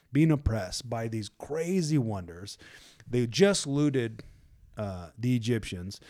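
A man at a middle pitch with a warm, mellow tone, chatting casually as he retells a Bible story. He talks loosely with lots of "like" and "you know," and acts out a panicking crowd now and then. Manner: loose and animated, many fillers like "like" and "you know".

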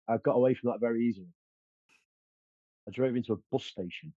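A man's voice: mid-range voice, fast, mellow, breathy edge, no echo, dull audio. A man telling stories as an interview guest, confident and boastful, with many fillers and restarts. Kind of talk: casual storytelling.

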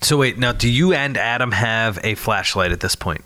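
Male host, casual chat, animated intonation, short reactions. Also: on the low side, normal speed. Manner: short interjections and questions, laughs along.

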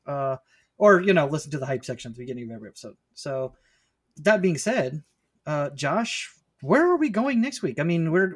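Male podcast co-host, jokey and self-deprecating, casual chat. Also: on the high side.

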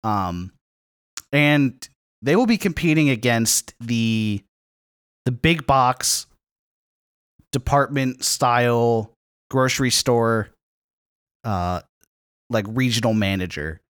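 A man with a smooth, clear voice co-hosts a comedy podcast. He sets up bits slowly and hesitantly, heavy on ums and uhs, in a dry, close sound. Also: medium pitch, animated, fairly bright tone, no room sound. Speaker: podcast co-host. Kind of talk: casual comedic chat.

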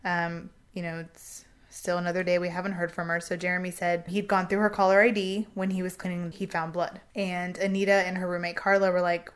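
A woman's voice: lowish voice, fairly quick. A woman, casually telling a true crime story on a podcast and acting out what people said. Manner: animated retelling, acting out quotes with a Southern "y'all".

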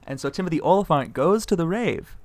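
Gravelly young man joking through a movie recap. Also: on the high side, a little fast, no echo. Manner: joking, animated, laughs often. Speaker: podcast co-host. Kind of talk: casual comedic chat, retelling a movie plot.

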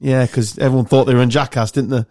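A man's voice: mid-range voice, steady tone, quick pace, darkish tone, no echo, studio quality. A man, hosting a podcast in joking, chatty banter. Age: 30s. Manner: joking, chatty, laughs often. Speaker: podcast host. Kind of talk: casual banter.

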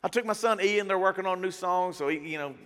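In a church sanctuary, a pastor with a high-sitting voice preaches a conversational sermon at a fast pace. He's an animated storyteller who acts out the voices of the people in his stories. A long reverb tail trails after his words.

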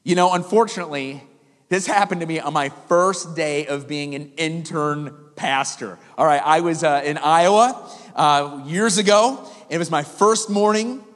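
A man preaching a sermon to a congregation, telling a personal story in an animated, conversational way and asking the listeners questions. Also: fairly high pitch, moderate pace. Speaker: pastor. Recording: hall reverb.

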